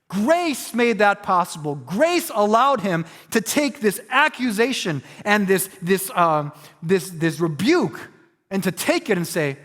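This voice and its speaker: A male pastor delivers a sermon in a lively, playful way, acting out quotes and poking fun at himself. His voice sits high for a man, and it carries through a church hall with a long, ringing reverb. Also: measured pace. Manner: animated preaching, acting out quotes, self-deprecating humor.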